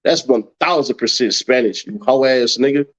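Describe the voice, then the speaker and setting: A man with a medium pitch and moderate pace hosts a late-night livestream, where he brashly mocks critics with profanity-laced ranting and frequent laughter. The audio has a dull, lo-fi stream quality.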